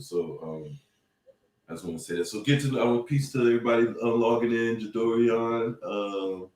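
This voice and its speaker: A man's voice: on the low side, darkish tone, far from the mic. A man co-hosting a casual talk show, speaking loosely in slang and repeating words as he gets going. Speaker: co-host and instructor. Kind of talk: casual chat. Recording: echoey room, off-mic.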